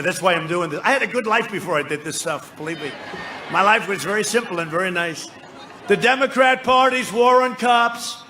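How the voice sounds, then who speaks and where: A politician in his seventies speaks into a podium microphone at a large rally venue, his voice sitting high as he often shouts to the crowd. The campaign speech is rambling, repetitive and boastful, captured with noisy live rally sound.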